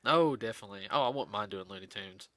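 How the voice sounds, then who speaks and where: A man's voice: on the low side, fast, bright, forceful tone. A tired man chatting casually as a podcast guest host, rambling with lots of fillers and restarts.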